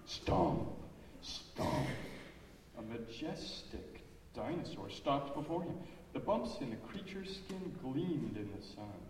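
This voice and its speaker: Man reading a kids' story in church, lively pitch, echoey hall, far from mic, faint hiss. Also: measured pace. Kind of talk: reading a storybook aloud to children.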